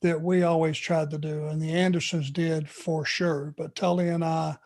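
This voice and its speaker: His voice is a little high and slightly mellow, with little pitch movement and a moderate pace. He's an older former wrestler answering fans' questions, casually telling wrestling stories and laughing along the way.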